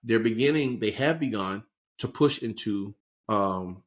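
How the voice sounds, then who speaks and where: A man's voice: on the low side, measured pace. A man co-hosting a podcast, talking through current events in a casual explanatory way and often checking in with "right?". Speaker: podcast co-host. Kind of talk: casual political chat.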